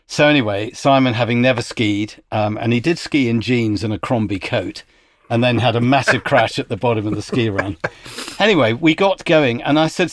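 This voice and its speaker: In a dry recording, a music industry executive with a lowish voice talks a little fast. As a podcast guest in a casual storytelling interview, he shares anecdotes and perks up when quoting other people.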